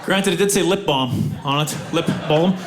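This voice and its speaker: A man from Canada doing an animated stand-up set, full of fillers and sudden loud outbursts. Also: fairly high pitch, moderate pace, background noise. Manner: animated, acts out voices, loud bursts and many fillers. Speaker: stand-up comedian. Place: comedy club stage before a laughing audience.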